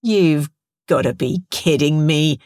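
A woman's voice: low voice, slow pace, darkish tone, dry recording. A woman voicing a sardonic, adventurous woman who talks in a dry way.

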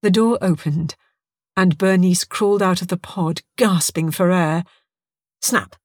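Woman narrator, expressive audiobook reading, lowish voice, dry studio sound. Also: a little slow, no room sound. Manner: lively, expressive storytelling.

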